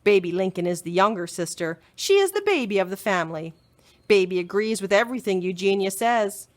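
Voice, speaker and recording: A woman librarian reading a children's chapter book aloud in an expressive storytelling manner. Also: mid-range voice, a little fast.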